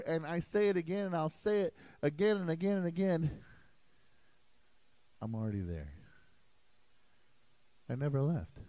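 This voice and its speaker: A man preaching a sermon as pastor in a church sanctuary, emphatic and animated. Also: sits high, unhurried, pauses often, dry recording, low-quality recording.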